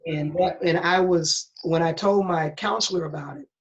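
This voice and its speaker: A woman's voice: on the low side, normal speed. A middle-aged woman pastor tells her own story in an interview, candid and earnest, with a preacher's emphasis. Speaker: pastor and guest. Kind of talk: personal testimony in an interview. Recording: dull lo-fi recording.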